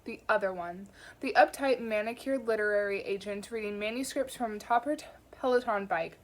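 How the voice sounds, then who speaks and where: A woman in the middle of her pitch range reads a novel aloud in a relaxed, homemade style. Her delivery is wry and lively, and she sometimes trips over words and jokes about it before going on. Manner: wry and lively, stumbles and comments on her slips. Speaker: audiobook reader. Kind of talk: casual home audiobook reading.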